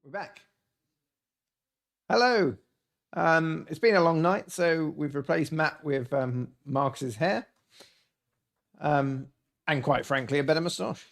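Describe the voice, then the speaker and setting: A man's voice: on the high side, measured pace, creaky. A man hosting an online family quiz in casual, jokey banter. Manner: jokey, slips into silly voices and song snippets. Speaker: quiz host.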